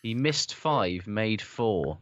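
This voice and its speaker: A man with a very deep voice trades opinions on sport in a blunt, cursing, no-nonsense way. The recording is dull and lo-fi, with a dry, close sound. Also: very animated, slow, no echo. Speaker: podcast co-host. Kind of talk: casual sports chat.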